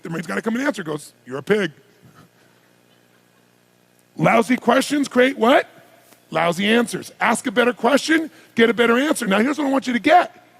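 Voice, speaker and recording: A man giving a live motivational seminar who fires rhetorical questions at the audience and swings from low intensity to shouted hype. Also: creaky, husky, rough recording. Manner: rapid-fire rhetorical questions, commanding the crowd. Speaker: motivational speaker.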